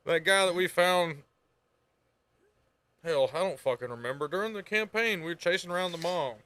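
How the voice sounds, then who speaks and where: A man streams while reacting to a video, chatting casually and animatedly, swearing and laughing freely. His voice is high-pitched and he speaks at a normal speed.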